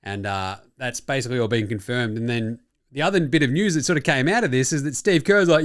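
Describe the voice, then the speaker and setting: A man's voice: medium pitch, quick pace. A young Australian man hosting a casual sports chat show, jokey, rambling and full of swearing. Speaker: podcast host.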